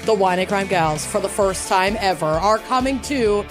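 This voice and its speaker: A woman's voice: medium pitch, animated, moderate pace, faint music behind. A woman co-hosting a podcast who promotes events and banters playfully in casual chat. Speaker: podcast co-host.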